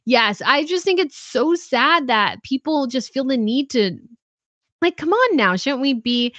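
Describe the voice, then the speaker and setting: A woman's voice: fairly high pitch, a bit bright, no room sound, lo-fi sound. Woman, live stream host, casual chat, laughs often, reads comments aloud, dry close sound. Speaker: host of a royal news channel.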